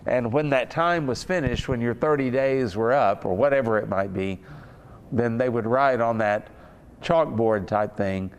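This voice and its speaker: A man preaching a sermon in an unhurried, conversational way. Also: medium pitch, clean tone. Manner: conversational, unhurried, with fillers and asides.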